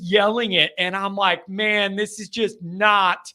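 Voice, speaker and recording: A man hosts a live call-in chat, his voice pitched high and bright. He talks in a frustrated, rambling way and often breaks off to restart his sentences. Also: little pitch movement, slow pace, few pauses. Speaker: podcast host.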